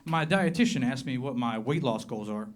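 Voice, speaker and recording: A man from southern Appalachia with a Southern American accent, performing a stand-up comedy set and slowing his punchlines down to a deadpan. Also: medium pitch. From southern Appalachia, USA. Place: comedy club with live audience.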